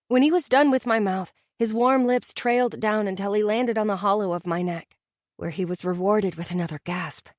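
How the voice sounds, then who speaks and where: Woman narrator, mid-pitched voice, intimate expressive romance reading, dry studio sound. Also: dry recording. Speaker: audiobook narrator. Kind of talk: first-person romance audiobook narration.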